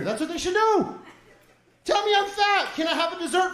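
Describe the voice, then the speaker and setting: Stand-up comic, man in his forties, very high voice, profane rambling delivery, echoey studio room. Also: big pitch swings, moderate pace, a bit bright. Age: 40s. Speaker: stand-up comedian. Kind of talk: stand-up set. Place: small comedy studio stage.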